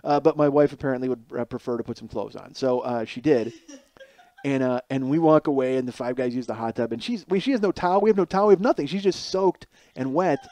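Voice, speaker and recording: A man in his forties, hosting a podcast, telling a comic story in a rambling, animated way with many restarts and acted-out quotes. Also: mid-range voice, fast talker. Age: 40s. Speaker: podcast host. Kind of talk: comedic storytelling monologue. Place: home kitchen.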